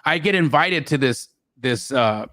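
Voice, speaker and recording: A middle-aged man telling stories as a podcast guest, animated, often repeating words and restarting. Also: a little slow, no echo, clean studio sound. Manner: animated, acts out quoted voices with big pitch jumps. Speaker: guest real estate investor. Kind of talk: storytelling in a podcast interview.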